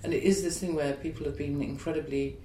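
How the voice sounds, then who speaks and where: A man talks through his choices as a playwright in an interview, reflective and discursive. His voice sits a little high for a man and carries a roomy echo, with a faint low rumble underneath. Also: steady tone, quick pace, dark tone. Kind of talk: conversational interview. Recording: echoey room with faint rumble.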